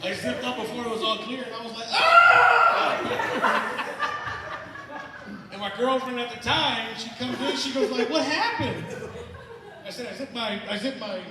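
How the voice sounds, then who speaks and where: A man from El Paso, Texas, with a strikingly high voice, doing a stand-up set full of brash, profane crowd work. His voice comes from far off the mic and rings through a big, echoey theater hall. A loud ambient wash sits under everything. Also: heavy background noise. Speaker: stand-up comedian. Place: historic theater stage.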